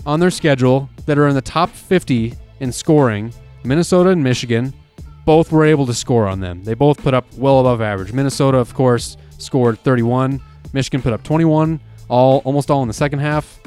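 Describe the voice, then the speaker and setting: A man's voice: medium pitch, fairly quick, hardly any pauses, darkish tone, clear, resonant tone, soft background music. A man co-hosting a casual sports podcast, opinionated and emphatic, moving from movie talk into football picks. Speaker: co-host.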